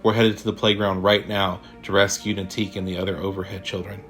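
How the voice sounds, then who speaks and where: A jittery boy genius, as a man reads him talks in quick, defensive bursts. The voice stays low, with faint music under the storytelling. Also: little pitch movement, fairly bright tone. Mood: tense. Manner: snappish, nervous. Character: anxious young boy inventor, defensive.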